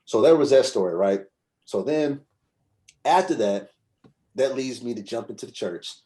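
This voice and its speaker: A man's voice: mid-range voice, animated, normal speed, dark tone. A man as a podcast guest, telling a story in a rambling, conversational way and often checking in with his listener. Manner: rambling, conversational, frequent "you know what I'm saying". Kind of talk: casual storytelling.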